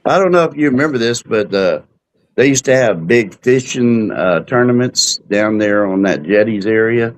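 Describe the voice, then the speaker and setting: A man, co-hosting a live cruise talk show, telling folksy stories in a relaxed, unhurried way. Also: lowish voice. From Texas. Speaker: podcast co-host. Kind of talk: casual chat, storytelling.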